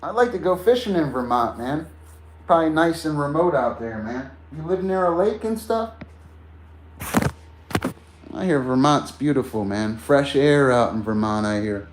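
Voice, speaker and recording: A man's voice: a little high, animated, moderate pace, slight background noise. Rambling casual man chatting to viewers. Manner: loose and meandering, peppers talk with "man" and "bro"; chats directly to viewers, greeting them. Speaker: streamer.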